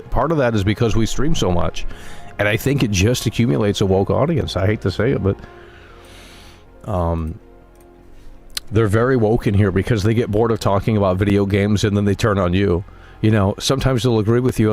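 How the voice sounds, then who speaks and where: Low-voiced ranting male streamer. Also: fairly quick, a little mellow, faint music behind. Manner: ranting, profane, blunt. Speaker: game streamer. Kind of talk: live stream chat.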